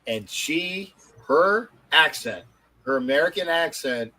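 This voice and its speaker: A male host chatting about sports in a loose, rambling way. His voice sits a little high, and he stumbles through fillers and drops the odd curse. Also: unhurried, bright, forceful tone, low-quality recording. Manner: rambling, swears, hesitant with fillers. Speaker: podcast host. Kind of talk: casual sports chat.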